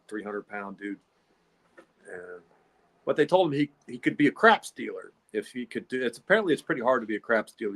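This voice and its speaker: Folksy rambling man. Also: lowish voice. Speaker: podcast host. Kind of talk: casual storytelling monologue.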